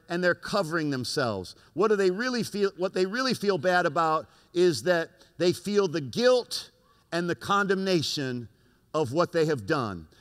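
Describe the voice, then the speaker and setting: A man's voice: sits high, fairly bright tone. A male pastor preaching a sermon with emphatic, repetitive phrasing, recorded in a large church hall. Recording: long hall reverb.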